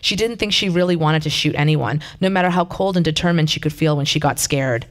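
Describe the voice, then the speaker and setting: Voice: mid-range voice, fairly quick. A reader reading a story aloud in a plain, conversational way, with occasional asides.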